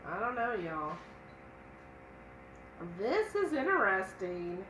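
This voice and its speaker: A woman's voice: medium pitch, big pitch swings, slow, a bit bright, reverberant, slight background noise, poor audio. A woman co-hosting a casual cooking live stream, chatting and reading viewer comments aloud. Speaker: cooking channel co-host.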